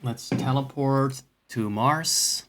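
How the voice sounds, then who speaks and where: A man's voice: mid-range voice, slow pace, background noise. A man streaming a video game live, talking casually in a joking, profane, self-mocking way. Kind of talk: casual live gaming commentary.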